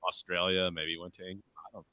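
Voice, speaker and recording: A man's voice: sits low, completely flat delivery, quick pace, bright, forceful tone, smooth, no echo, dull audio. A man co-hosting a podcast in casual chat, reeling off facts with hesitant fillers. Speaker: podcast co-host.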